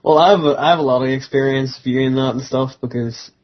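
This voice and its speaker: A man chatting casually as a podcast co-host, speaking in a hesitant, halting way. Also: medium pitch, steady tone. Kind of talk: casual chat. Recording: muffled lo-fi audio with faint noise.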